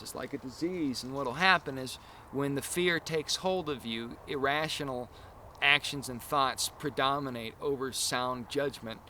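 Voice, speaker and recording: A man's voice: mid-range voice, sharp tone, a little hiss or hum. A man hosting a casual podcast chat, talking in long, earnest, rambling explanations. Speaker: podcast host.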